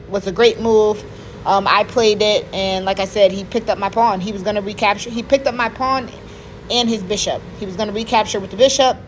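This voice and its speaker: A woman talking casually through one of her own chess games, excited and repeating herself for emphasis. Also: mid-range voice, slight background noise. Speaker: chess player. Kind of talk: casual chess vlog commentary.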